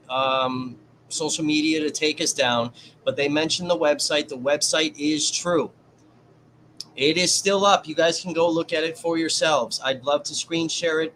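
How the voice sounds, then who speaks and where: A man's voice: fairly high pitch, fairly bright tone, slight background noise, low-quality recording. A man hosting a casual livestream, chatting to his viewers and commenting on a trial. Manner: chatty, addresses viewers directly.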